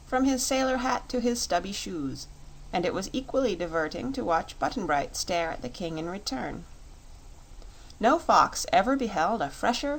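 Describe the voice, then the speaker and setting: A woman narrating an audiobook in an even, measured reading. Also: lowish voice, poor audio. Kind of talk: scripted narration.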